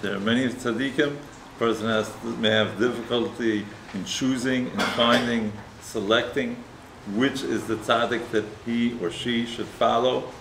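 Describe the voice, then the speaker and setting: A male rabbi delivers a sermon in a relaxed, conversational storytelling manner, checking in with listeners through frequent tag questions. His voice sits at a middle pitch. The room echoes noticeably, and faint noise sits underneath. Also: unhurried, few pauses. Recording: roomy echo, faint noise.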